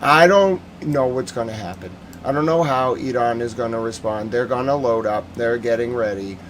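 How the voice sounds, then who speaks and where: A man's voice: medium pitch, moderate pace, a little hiss or hum. Heated man ranting on a live stream. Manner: reads viewer chat aloud. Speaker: host. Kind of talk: live-stream news commentary.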